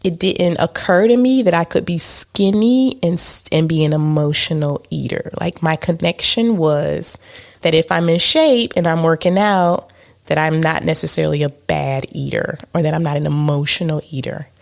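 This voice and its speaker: A woman's voice: low voice, normal speed, creaky. A woman co-hosting a podcast in a casual chat, candid and self-mocking, with many fillers. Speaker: podcast co-host.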